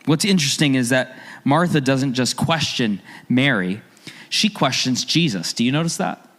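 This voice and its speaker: Animated, conversational male preacher. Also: medium pitch, moderate pace. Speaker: pastor. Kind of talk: sermon.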